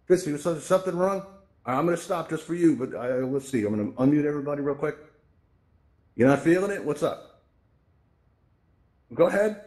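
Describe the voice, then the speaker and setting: A man's voice: on the high side, expressive, moderate pace, long pauses, darkish tone. A man hosting a VR event, explaining fixes in a casual, upbeat way and often checking in with "right?", speaking through a headset mic. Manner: chatty, upbeat, keeps asking "right?". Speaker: host and presenter of a VR tech event. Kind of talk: casual spoken tutorial. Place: virtual reality event space. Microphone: VR headset microphone.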